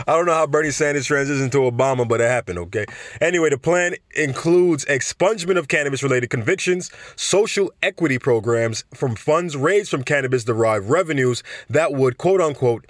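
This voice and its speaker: A man's voice: mid-range voice, brisk, no room sound. Rambling male podcast host, dry sound. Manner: rambling, chatty, self-correcting. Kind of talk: casual podcast monologue reading news.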